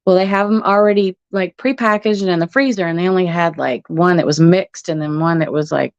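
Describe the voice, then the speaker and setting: A woman's voice: lowish voice, a little fast, no room sound. A middle-aged woman, hosting a casual livestream from her phone at home, laughing often and swearing casually. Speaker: livestream host. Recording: muffled phone stream audio.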